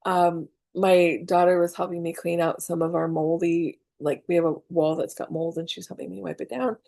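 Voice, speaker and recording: Gravelly and mellow, her lowish voice holds a steady tone at a moderate pace as this middle-aged woman leads a casual online spiritual class. She's chatty and confessional, swears freely, and acts out her own panics; no room sound is audible.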